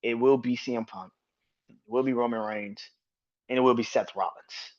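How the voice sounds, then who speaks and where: A man's voice: medium pitch, steady tone, normal speed, darkish tone. Profane ranting man, dull lo-fi sound. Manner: ranting, heavy swearing; exasperated rhetorical questions. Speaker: podcast host. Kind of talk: solo wrestling commentary podcast.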